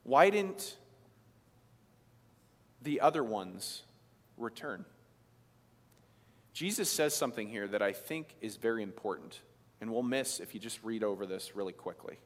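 Animated pastor preaching in a hall. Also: male voice, lowish voice, a little slow, pauses often. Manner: animated and emphatic, conversational with frequent restarts. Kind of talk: sermon. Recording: long reverb of a large hall.

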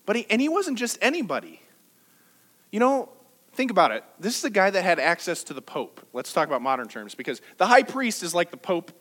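Animated, high-voiced man preaching. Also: brisk. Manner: lively, conversational preaching with jokes and rhetorical questions. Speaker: pastor. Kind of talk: sermon. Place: church service.

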